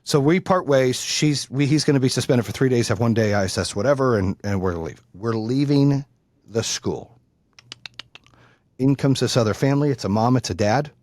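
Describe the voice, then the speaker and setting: A man's voice: medium pitch, moderate pace, a little mellow, no echo, clean studio sound. A man hosting a podcast, telling a story in a blunt, profane way that grows heated. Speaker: podcast host. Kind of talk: casual storytelling.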